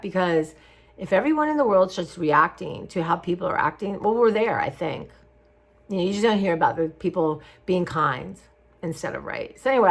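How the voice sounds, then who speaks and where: A middle-aged woman talking casually and from the heart to her viewers in a rambling vlog. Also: on the low side. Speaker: craft vlogger. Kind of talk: casual chat to camera.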